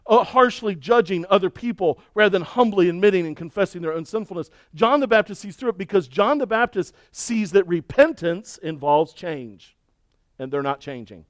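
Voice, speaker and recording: A man's voice: sits high, expressive, normal speed, no room sound, clean studio sound. A man preaching a sermon as pastor, emphatic and folksy, leaning on rhetorical questions and repeated words.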